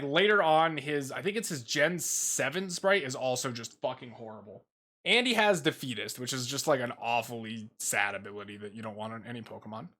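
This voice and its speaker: A man's voice: medium pitch, pushed and bright. A young man casually ranking game creatures in a rambling, opinionated way, with lots of fillers. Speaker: YouTube host ranking creatures. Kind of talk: casual tier list commentary.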